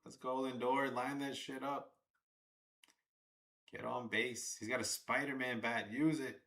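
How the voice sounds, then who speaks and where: Excitable man calling a game. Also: medium pitch, measured pace, creaky. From Long Island, New York. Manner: chatty, excitable, cheers players on, swears now and then. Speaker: fan livestream commentator. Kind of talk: casual live fan commentary on a baseball game.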